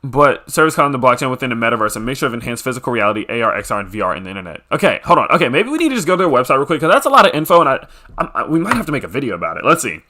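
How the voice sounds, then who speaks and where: Excitable young man reading crypto text. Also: mid-range voice. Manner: excitable, reads text aloud and breaks in with quick reactions. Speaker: crypto video host. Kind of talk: casual screen-share commentary, reading a white paper aloud.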